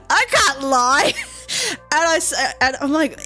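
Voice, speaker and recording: A woman's voice: sits high, takes it slowly, soft background music. A woman streamer telling stories in casual chat while gaming, swearing freely and laughing often. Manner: swears freely, animated storytelling with frequent laughs.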